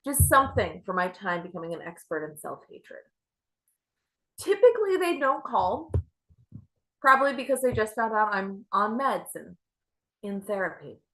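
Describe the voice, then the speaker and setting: A young adult woman doing a stand-up set with a self-deprecating, deadpan delivery. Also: mid-range voice, moderate pace, pauses often. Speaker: stand-up comedian.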